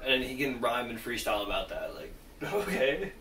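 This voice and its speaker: A man hosting a reaction video, talking excitedly and casually with lots of fillers and swearing. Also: medium pitch, normal speed, echoey room, far from the mic, background noise.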